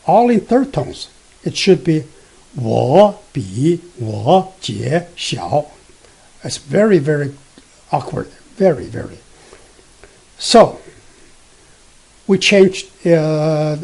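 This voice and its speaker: A man teaching beginner Mandarin from slides, explaining slowly and haltingly with many fillers, and reading example sentences tone by tone. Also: high voice, animated, darkish tone. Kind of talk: slide-based language lesson.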